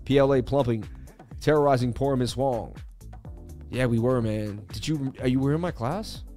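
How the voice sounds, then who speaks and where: Soft background music accompanies a man with a mellow, mid-range voice speaking at a moderate pace. As host of a crypto chart analysis livestream, he gives casual market commentary, joking with viewers in slangy speech.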